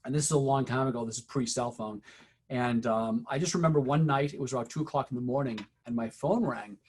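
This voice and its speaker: Husky-voiced man presenting a teacher training. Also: mid-range voice, darkish tone. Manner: conversational, unhurried, with many ums and uhs. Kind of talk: storytelling in a training talk.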